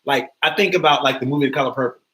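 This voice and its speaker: Quick, bright-voiced man hosting an interview. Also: mid-range voice, poor audio. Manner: eager, animated, quick backchannels. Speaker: show host. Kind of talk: conversational interview.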